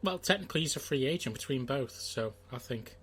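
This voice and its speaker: A man co-hosts a casual wrestling podcast with laid-back, dry replies. His voice sits at a middle pitch, and a faint electrical hum runs under the recording. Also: expressive, brisk, fairly bright tone. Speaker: podcast co-host.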